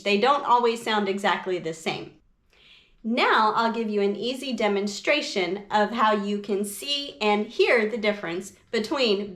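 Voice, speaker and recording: A woman music teacher explaining a lesson for parents and teachers in a slow, clear, patient way. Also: mid-range voice, fairly bright tone, roomy sound.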